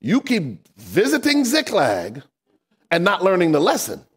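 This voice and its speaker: A man preaching a sermon, asking the congregation questions and rising to shouts for emphasis. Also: sits high, measured pace, slightly rough. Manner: animated preaching with call-and-response questions.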